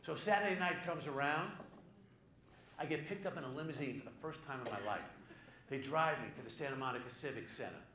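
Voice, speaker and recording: A man telling a comic anecdote to a live audience, animated and punchy, building to loud excited peaks. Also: on the high side, fairly quick. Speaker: storyteller on stage. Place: live venue with audience laughter. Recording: echoey live hall with crowd noise.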